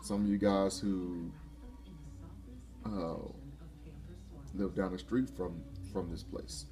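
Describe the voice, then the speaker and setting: Excitable, laughing man with slow delivery. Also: low-pitched, faint music behind. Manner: excitable, laughs often, repeats and restarts phrases. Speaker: motivational vlogger. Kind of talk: casual motivational talk to camera.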